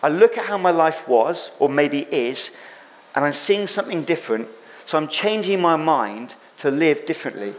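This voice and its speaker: A man's voice: on the high side, animated, moderate pace. Man preaching an emphatic sermon. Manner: emphatic preaching with repeated phrases and quoted lines. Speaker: pastor.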